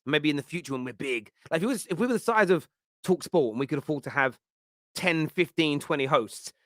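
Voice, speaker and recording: A man's voice: fairly high pitch, lively intonation, fairly quick, a bit bright, dry recording, clean studio sound. A man, hosting a casual football chat show in a joking, rambling way with many fillers. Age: 30s. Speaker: host.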